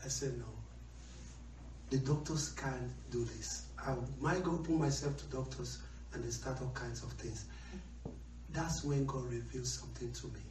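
A man preaching a sermon with an animated delivery, moving between quiet storytelling and shouting. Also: mid-range voice, normal speed, background noise. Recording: echoey hall, heard from far off.

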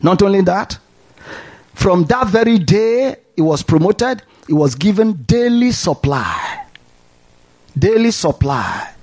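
Male preacher, high voice, animated sermon with call-and-response. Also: slow pace.

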